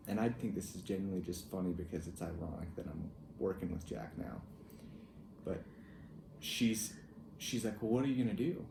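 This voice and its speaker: A young man telling a personal family story in a halting, reflective way, with soft laughs. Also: fairly low pitch, vocal fry, noisy background. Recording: echoey room with faint ambience.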